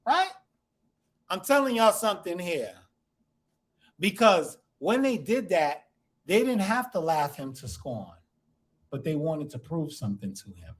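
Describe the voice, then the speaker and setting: A man's voice: fairly high pitch, sing-song, unhurried, pauses often. A man teaching a congregation through a scripture lesson, asking the class questions and acting out the people in the text.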